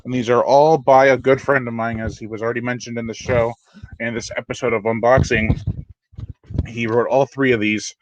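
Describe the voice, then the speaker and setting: A man chatting loosely through a live unboxing. He rambles, laughs at himself and restarts sentences, with his voice sitting at a middling pitch. A faint bit of noise sits behind him. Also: poor audio. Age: adult. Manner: rambling and self-deprecating, with chuckles and restarts. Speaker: horror channel host. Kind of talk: casual live unboxing chat.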